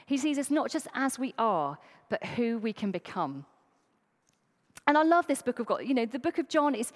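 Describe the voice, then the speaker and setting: Woman preacher, higher voice, very lively pitch, chatty sermon, long hall reverb. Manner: conversational, tells jokes.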